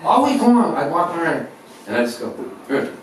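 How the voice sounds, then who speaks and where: A man in his fifties, a folk singer telling an animated, self-mocking story to a live audience between songs. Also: fairly high pitch, brisk, a little hiss or hum. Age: 50s. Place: live music venue. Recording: very echoey live room, distant recorder, guitar. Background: guitar.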